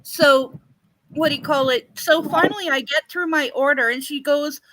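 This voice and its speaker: A woman with a Canadian accent, co-hosting a live stream and telling a rambling story, often pausing on "what do you call it". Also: high voice, sharp tone, poor audio. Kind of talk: casual storytelling chat.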